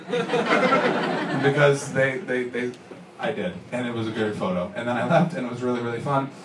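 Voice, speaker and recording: A man from Canada performing a stand-up comedy set, telling a story and acting out the people in it with sudden shouted lines. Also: fairly high pitch, brisk, a crowd in the background. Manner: storytelling, acts out characters with shouted bits. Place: comedy club stage with audience. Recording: roomy live club sound from far off.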